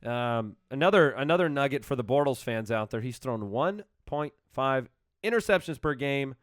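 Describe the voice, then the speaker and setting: A man hosting a sports podcast in easy, joking chat. He sits at a middle pitch, and the sound is close and dry with no room around him. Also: lively intonation, moderate pace, dry recording. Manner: joking, reads listener questions. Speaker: podcast host.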